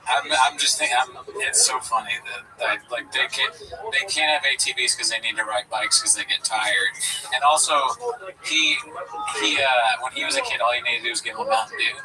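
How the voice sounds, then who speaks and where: A man's voice: medium pitch, huge pitch swings, fairly quick, gravelly, recorded from a distance, a crowd in the background, low-quality recording. A man in casual comedic chat, rambling, laughing and swearing. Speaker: podcast co-host.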